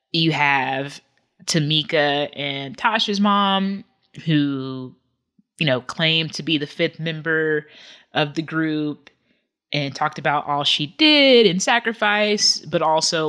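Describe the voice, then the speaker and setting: A woman's voice: low-pitched, fairly bright tone. A woman hosting a podcast, chatting casually with jokey asides about reality TV. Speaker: podcast host.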